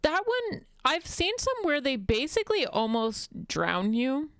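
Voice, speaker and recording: A woman's voice: high voice, sing-song, unhurried, dry recording, clean studio sound. A woman co-hosting a podcast in casual chat, giving blunt opinions with lots of fillers and wearing headphones. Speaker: podcast co-host.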